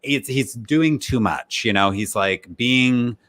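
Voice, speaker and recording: A man's voice: medium pitch, slow. A man co-hosting a podcast, chatting casually through a recap and acting out quotes with animation. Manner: animated retelling with acted-out quotes. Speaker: podcast co-host.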